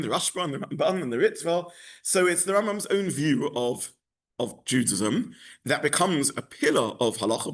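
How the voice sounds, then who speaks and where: A rabbi teaching a class, explaining his points at length and thinking aloud as he goes. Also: medium pitch. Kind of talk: lecture to a class.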